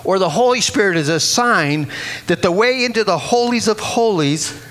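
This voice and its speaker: A man's voice: high voice, expressive, normal speed, fairly bright tone. A man preaching a sermon, exuberant and repetitive, often laughing between phrases.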